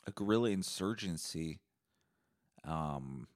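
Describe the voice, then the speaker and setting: Slow and low-pitched, this young man from Canada hosts his podcast alone, delivering an animated rant laced with sarcasm and profanity.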